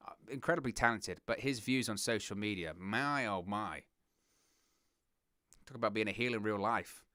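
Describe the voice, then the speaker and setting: A young man from southern England with a southern English accent, hosting a wrestling watch-along with excitable play-by-play commentary. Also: lowish voice, normal speed, no room sound, studio quality. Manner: excitable play-by-play, giggles at puns, reads chat.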